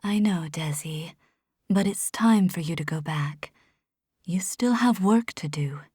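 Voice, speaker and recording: A woman voicing a soft-spoken loving mother. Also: fairly low pitch, measured pace, breathy edge, no echo, clean studio sound, voice pushed down. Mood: tender. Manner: soft, tender, near-whispered. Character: loving, sorrowful mother, gentle and proud.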